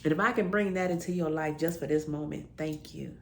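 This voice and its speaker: A woman's voice: fairly low pitch, quick pace, a little hiss or hum. A woman with talk giving heartfelt spiritual encouragement to listeners, calling them honey and baby. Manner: emotional, tearing up with joy. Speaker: spiritual self-help podcaster.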